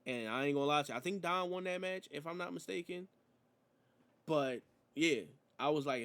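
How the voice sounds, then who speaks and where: A man's voice: on the high side, moderate pace, clean tone. A man reviewing a wrestling show in a slangy, rambling, casual chat. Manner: slangy, rambling, animated storytelling.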